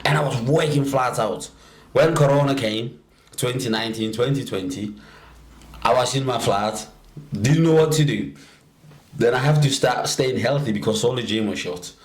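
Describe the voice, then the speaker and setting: Man, animated, laughs often, mid pitch, echoey room. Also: moderate pace. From South Africa. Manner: animated, laughs often, repeats words when starting. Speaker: podcast guest. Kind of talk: casual storytelling chat. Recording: roomy echo.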